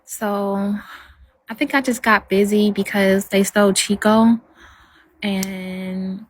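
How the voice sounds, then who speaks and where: A woman chatting casually on a livestream, rambling and soft-spoken as she answers viewers' comments. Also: mid-range voice, steady tone, slow pace.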